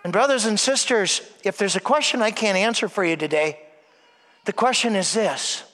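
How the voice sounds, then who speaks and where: A man preaching a sermon at Mass, swinging from loud, animated retellings to hushed, near-whispered lines. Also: high voice, moderate pace, big-room sound. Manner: dramatic shifts from loud to hushed, acts out voices. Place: church.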